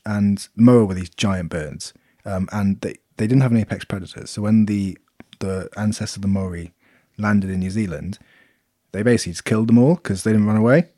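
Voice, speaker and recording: A man's voice: on the low side, brisk, dark tone, no room sound, studio quality. A British man co-hosting a casual podcast chat, explaining things in a rambling way with lots of fillers. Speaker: podcast co-host.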